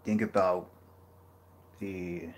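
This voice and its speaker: A man's voice: sits low, steady tone, extremely slow, slight background noise. A man giving a casual geography lecture over a map, rambling with many fillers and restarts. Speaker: geography educator.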